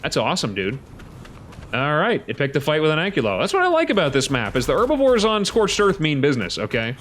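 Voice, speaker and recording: A man giving excitable, chatty commentary while playing a survival game, talking to his creatures as he goes. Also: fairly high pitch, fast talker, slight background noise. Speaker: let's play host. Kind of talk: casual gameplay commentary.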